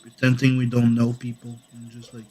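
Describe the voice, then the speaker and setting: A man's voice: mid-range voice, monotone, a little fast, a little mellow, slightly rough. A man with a cold, hosting a drawing stream in casual chat and swearing now and then. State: sick with a cough. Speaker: comic artist streaming.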